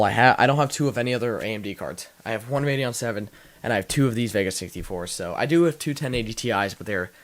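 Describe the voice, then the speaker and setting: Rambling young man unboxing tech. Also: on the low side. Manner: rambling, self-deprecating, many restarts. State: out of breath. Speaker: tech channel host. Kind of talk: casual unboxing vlog.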